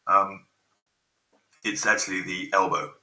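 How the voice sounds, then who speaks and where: A man in his forties hosts a live stream, rambling, swearing freely and getting distracted by technical snags. His voice sits lowish but sounds piercingly sharp and tense. It rings in an echoey room. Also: little pitch movement, a little slow. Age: 40s. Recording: roomy echo.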